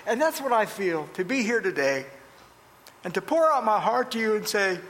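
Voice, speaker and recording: A male pastor from Pennsylvania preaching a sermon, telling folksy stories, booming on emphasis and dropping to quiet asides. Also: expressive, normal speed, in a large hall, low-quality recording.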